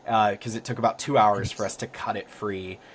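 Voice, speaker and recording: A young man from Florida, a podcast guest telling stories in a casual, rambling way full of ums and likes that grows lively at the exciting parts. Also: fairly low pitch, a little fast, slight background noise. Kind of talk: casual storytelling.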